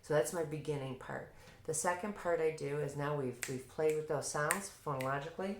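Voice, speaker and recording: Low-voiced woman teacher in an echoey room. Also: fairly quick. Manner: animated, demonstrates prompts in a lively classroom voice. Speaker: reading teacher. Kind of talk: explaining a teaching method.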